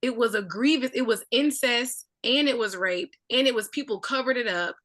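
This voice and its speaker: A woman's voice: fairly high pitch, normal speed, fairly bright tone. A woman leading a casual Bible study discussion, talking thoughtfully with many filler likes.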